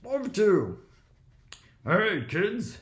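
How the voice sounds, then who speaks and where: A man voicing an ancient little alien master, slow and gravelly with odd word order. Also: high voice, sing-song, a bit bright, full character voice. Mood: wise. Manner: slow, gravelly, inverted sentences. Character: ancient small green wise alien master. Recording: echoey room.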